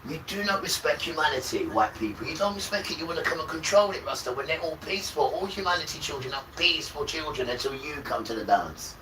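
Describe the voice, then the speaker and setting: A man on a livestream delivering an impassioned religious rant, preachy and accusing. He swings from loud outbursts to low muttering. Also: animated, fast talker, hardly any pauses. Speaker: livestream host. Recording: roomy, distant mic with loud background noise.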